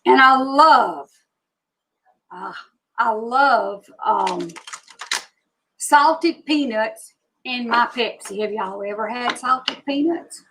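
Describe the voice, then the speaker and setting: A woman's voice: on the high side, background noise. A woman in her sixties with an Alabama Southern accent, chatting casually with viewers as host of a live psychic reading stream. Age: 60s. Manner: chatty, slow Southern drawl, greeting viewers by name.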